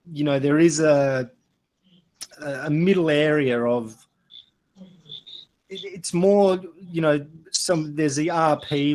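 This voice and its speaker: A middle-aged man with an Adelaide Australian accent, chatting casually through a webinar about accents, relaxed and anecdotal, with frequent fillers. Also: mid-range voice. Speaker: guest speaker. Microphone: video call.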